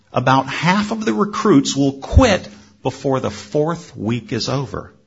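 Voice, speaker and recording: Male preacher, sermon, slow measured delivery, lively pitch, dull lo-fi recording. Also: creaky, slightly rough. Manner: measured storytelling with dramatic pauses.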